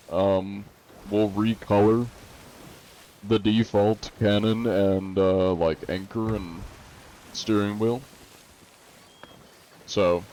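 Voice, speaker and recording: Streaming a game from home, a young man reads chat questions and answers them in an easygoing, rambling manner packed with fillers. His darkish voice sits on the low side over a faint hiss, in a low-quality recording.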